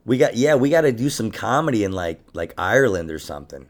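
A man's voice: on the low side, big pitch swings, fast talker. A man co-hosting a comedy podcast in casual chat, laughing often and breaking into silly mock voices.

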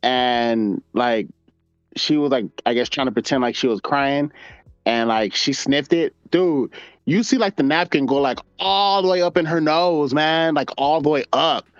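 Man, mid pitch, casual podcast chat, rambling, fillers, faint music underneath. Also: measured pace, clean tone, no echo. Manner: rambling, full of fillers and restarts. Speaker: podcast co-host. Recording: dull dry lo-fi sound.

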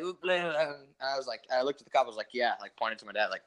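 A man's voice: mid-range voice, expressive, fast, few pauses. A young man co-hosting a podcast, telling a long story in a rambling, profane, laid-back way and acting out the quotes. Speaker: podcast co-host. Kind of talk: casual storytelling chat.

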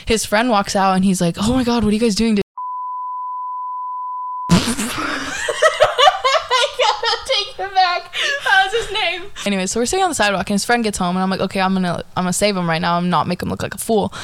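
A young woman co-hosting a podcast, telling a dating story in casual chat, animated and laughing, swearing freely. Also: medium pitch, rapid-fire, hardly any pauses. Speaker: podcast co-host.

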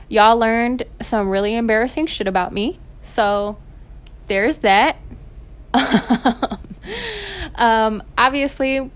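A young woman, hosting her podcast and telling stories in a casual, animated way. She laughs often and swears freely. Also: mid-range voice, clear, resonant tone. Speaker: podcast host. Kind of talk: casual storytelling. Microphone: home recording setup.

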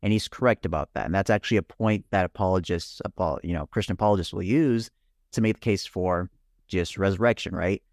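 Brief: male podcast co-host, low voice, calm explainer, dry mic. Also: fairly quick, no echo. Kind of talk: Bible-teaching podcast talk.

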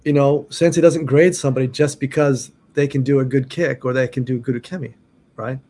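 A man's voice: mid-range voice, fairly even intonation, brisk, warm tone. A middle-aged man telling a story about his martial arts training in a loose, rambling way, full of restarts and "you know". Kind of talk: casual storytelling.

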